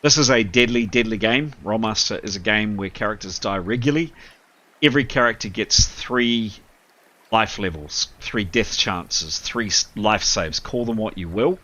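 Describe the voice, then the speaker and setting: A man's voice: lowish voice, moderate pace, sharp tone. A man running a tabletop game as game master, narrating with many fillers and apologies.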